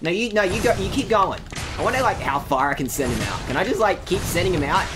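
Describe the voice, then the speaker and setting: A woman's voice: lowish voice, animated, fast talker. A woman giving casual let's-play commentary, jumpy and profane, with frequent swearing and sudden outbursts. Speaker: gaming streamer. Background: game music.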